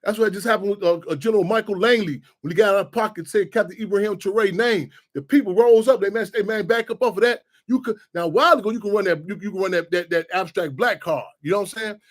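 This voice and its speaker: Fast-talking high-voiced man rambling. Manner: rambling, repeats "you know what I'm saying". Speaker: radio show host. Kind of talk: casual monologue.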